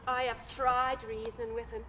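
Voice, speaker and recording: A woman's voice: a little high, little pitch movement, moderate pace, lightly acted. An actress playing a weary daughter who confides her exasperation about her father. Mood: exasperated. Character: weary, worried grown daughter. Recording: outdoor recording with faint background noise.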